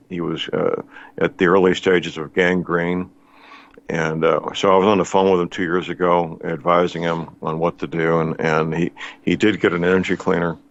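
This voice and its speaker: A man's voice: deep voice, creaky. An older man hosting a radio talk show, chatting in a folksy, rambling way with many fillers. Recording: dull lo-fi radio sound.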